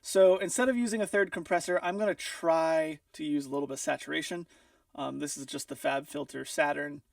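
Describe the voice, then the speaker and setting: A man's voice: on the high side, fairly even intonation, a little fast, vocal fry, no echo. A man teaching music mixing in a studio, explaining casually while thinking aloud with frequent ums and restarts. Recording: dry, a bit far from the mic.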